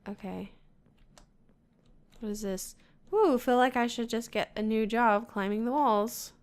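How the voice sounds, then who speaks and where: A woman's voice: a little high, measured pace, clear, resonant tone. A woman casually commenting as she plays a video game, muttering to herself and reading game text aloud. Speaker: let's-play gamer.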